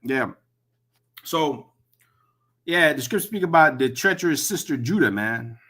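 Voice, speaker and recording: Brash preaching man, bright voice. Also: a little high, lively intonation, unhurried. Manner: profane, emphatic, repeats himself; reads scripture aloud. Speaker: religious commentator. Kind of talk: preaching commentary vlog.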